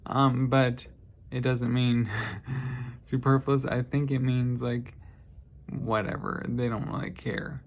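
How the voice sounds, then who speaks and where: A man's voice: medium pitch, flat delivery, slow, gravelly. A man vlogging, telling casual stories in a rambling, lighthearted way and often correcting himself. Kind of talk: casual storytelling monologue.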